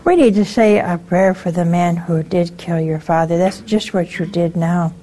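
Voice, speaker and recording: A woman's voice: fairly low pitch, steady tone, moderate pace, warm tone. A woman, a nun, hosting a call-in show, talking casually and telling folksy stories about forgiveness. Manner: folksy storyteller, acts out voices in anecdotes. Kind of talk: casual spiritual talk to callers.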